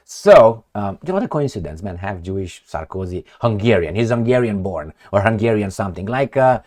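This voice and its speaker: A man's voice: fairly low pitch, very animated, brisk, a little mellow. A man giving rambling, sarcastic political commentary on his own, swearing and laughing often.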